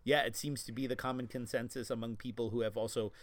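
A man's voice: medium pitch, steady tone, fast, dry recording. A man in casual podcast conversation with a mid-range voice. He tells stories loosely and laughs easily as he talks. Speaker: podcast co-host. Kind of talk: casual martial arts chat.

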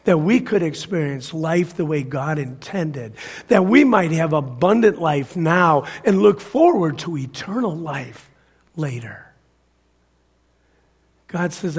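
A middle-aged man preaching a sermon as pastor, swinging from loud emphasis down to hushed, almost whispered lines. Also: a little high, husky.

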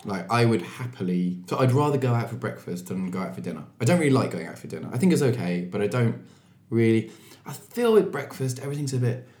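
A man co-hosting a podcast in casual chat, animated, playful and quick to laugh. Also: mid-range voice. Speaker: podcast co-host. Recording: roomy echoey room.

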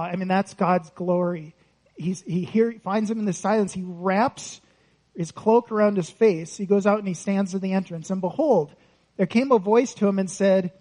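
Conversational male preacher with a high voice. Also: a little mellow, low-quality recording. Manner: conversational, asks the congregation questions; laughs lightly between points. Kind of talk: sermon.

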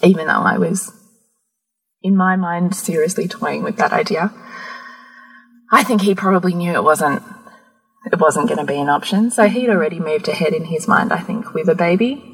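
A woman shares a personal story in easy, candid conversation. Her voice sits on the low side with a husky edge, and she slips into animated voices for the people she quotes. She laughs often as she talks. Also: normal speed, pauses often, low-quality recording. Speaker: podcast guest.

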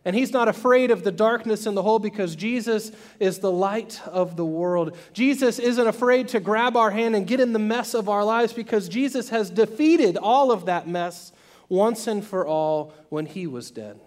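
A man preaching a sermon, telling a story and acting out its voices, swinging between loud and soft. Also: high voice, normal speed. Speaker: pastor.

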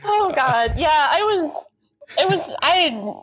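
A woman's voice: high voice, animated, takes it slowly, a bit bright. A woman co-hosting a podcast, chatty and playful, adding personal asides to the episode recap. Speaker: podcast co-host. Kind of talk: casual chat.

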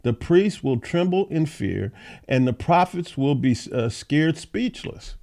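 A man's voice: a little high, expressive, slow, vocal fry, a little mellow. A man hosting a Bible study podcast who reads verses aloud and then explains them in a plain, conversational way. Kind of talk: reading scripture and explaining it.

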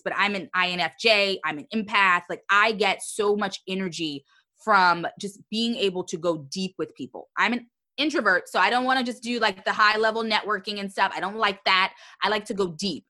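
Bright, expressive woman entrepreneur. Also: medium pitch. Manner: expressive, animated storytelling with laughs. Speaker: entrepreneur guest. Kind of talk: podcast interview.

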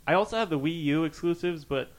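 A man's voice: a little high, quick pace. A man hosting a casual gaming podcast, talking in a laid-back, chatty way. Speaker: podcast host.

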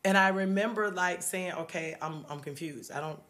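A woman's voice: fairly low pitch, normal speed, a bit bright. A middle-aged woman co-hosting a casual faith-based conversation, telling her story earnestly with many fillers and restarts. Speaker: podcast co-host.

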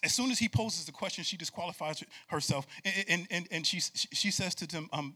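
A man preaching a sermon, moving from quiet talk to shouted, repetitive calls to the congregation. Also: on the high side, brisk, hardly any pauses, slightly rough. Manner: builds from quiet to shouting, repeats words.

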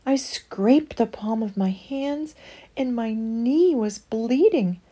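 A woman reading a children's picture book aloud in an expressive storytelling manner. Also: fairly high pitch, takes it slowly, breathy edge.

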